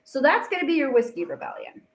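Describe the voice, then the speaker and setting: A woman's voice: high-pitched, sing-song, fast. A woman teacher giving a casual, chatty history lecture, full of fillers and playful asides. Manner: chatty, acts out quotes with fillers.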